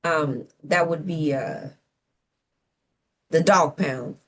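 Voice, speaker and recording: A woman co-hosting a panel talk show, her voice sitting a touch low. She argues by sarcasm and rhetorical questions, posing as just asking. Now and then she lets out a playful whoop. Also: drawn-out words, a bit bright. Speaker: co-host of a civic talk show. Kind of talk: opinionated panel commentary.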